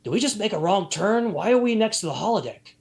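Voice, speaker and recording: A man voicing a flustered male Ferengi alien engineer who asks hurried, anxious questions. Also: high voice, lively intonation, creaky, pitched above the performer's own voice.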